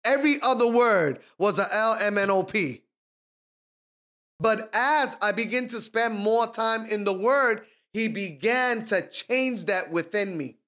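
A man's voice: high-pitched, unhurried, sharp tone. A middle-aged man co-hosting a faith podcast, talking emphatically in a preaching style and quoting scripture.

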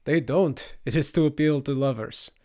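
A man's voice: medium pitch, moderate pace, dark tone, dry recording, clean studio sound, voice pushed up, natural voice. A man voicing a worldly, theatrical man with a foreign flair, speaking in a suave, drawling, dramatic manner. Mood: suave amused.

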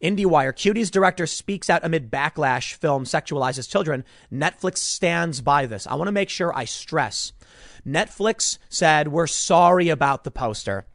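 A man with a somewhat high voice delivers an indignant political commentary monologue. He often restarts and repeats words in his frustration. The recording is dry and close. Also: animated, moderate pace, fairly bright tone, no room sound.

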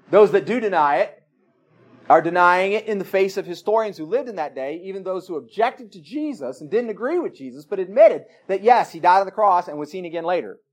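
Earnest high-voiced preacher. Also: male voice. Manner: plain-spoken, earnest, asks pointed questions. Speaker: pastor. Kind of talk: sermon. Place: church.

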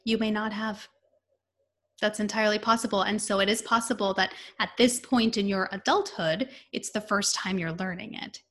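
A woman speaking as a guest specialist in a podcast interview, explaining in a calm, measured way. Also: medium pitch. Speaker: guest, high-risk pregnancy specialist.

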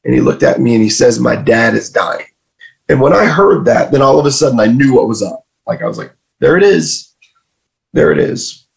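A man with a gravelly edge and a voice worn from recent illness. He tells his story earnestly and emotionally, often stopping to restart his sentences. His pitch sits in the ordinary middle range for a man. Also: brisk, low-quality recording. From North Carolina, USA. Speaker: guest sharing a testimony. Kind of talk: casual spoken storytelling.

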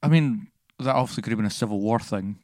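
A man's voice: lowish voice, quick pace, a little mellow, no room sound, studio quality. A man co-hosting a casual film review podcast, enthusiastic and laughing as he retells favourite scenes. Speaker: podcast co-host.

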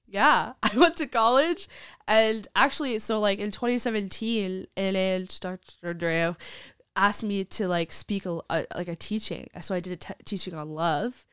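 A woman's voice: mid-range voice, normal speed, a bit bright, smooth, no room sound, clean studio sound. A young woman telling her story as a podcast guest, chatty, saying "like" a lot and laughing often. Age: young adult. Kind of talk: casual storytelling interview.

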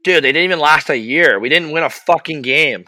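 A young man telling an animated, profane story about his hockey days in casual chat. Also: a little high, a little fast. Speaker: podcast host, former hockey goalie.

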